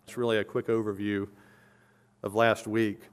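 A man's voice: fairly low pitch, little pitch movement, normal speed, smooth. Man preaching an expository sermon. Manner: earnest, emphatic teaching with verse-by-verse reading. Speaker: pastor.

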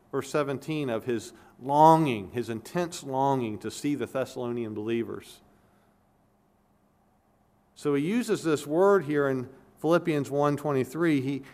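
A man's voice: mid-range voice, darkish tone. A man preaching a sermon as pastor, explaining scripture earnestly, with emphatic repetitions and frequent restarts.

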